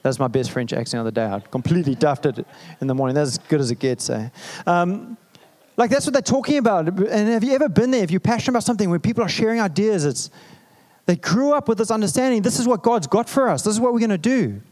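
A male pastor delivers a sermon in a relaxed, chatty way. He jokes and makes asides to the listeners, and his voice sits a little high for a man. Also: fast talker. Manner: conversational, humorous preaching with asides.

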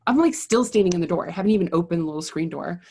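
Gravelly-voiced woman telling a story. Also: on the low side, rapid-fire. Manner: chatty, animated, heavy use of "like". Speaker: psychologist. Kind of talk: casual storytelling.

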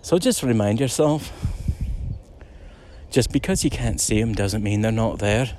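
A man's voice: fairly low pitch, expressive, unhurried, darkish tone, slight background noise. A middle-aged man telling a story in a rambling, chatty way while out on a walk outdoors. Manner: rambling, chatty, many "you know"s. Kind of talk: casual spoken storytelling.

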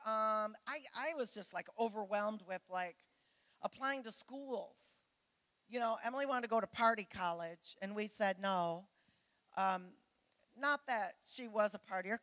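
Speaking to her church in a medium-pitched, slightly bright voice, a middle-aged woman married to a pastor delivers a candid, conversational sermon packed with family stories, laughing and imitating voices along the way.

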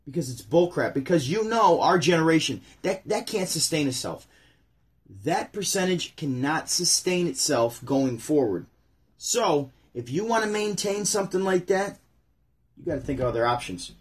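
A man's voice: fairly high pitch, expressive, moderate pace, breathy edge. A man from upstate New York hosting his own livestream, ranting bluntly and chatting casually with viewers. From Syracuse, New York. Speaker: channel host.

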